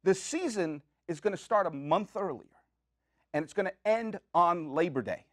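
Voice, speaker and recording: A man in his thirties or forties hosting a comic solo podcast in a high, wildly swooping voice. He rambles with excitable jokes and quick asides. The sound is dry and close, taped in a small community media studio. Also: dry recording. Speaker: podcast host.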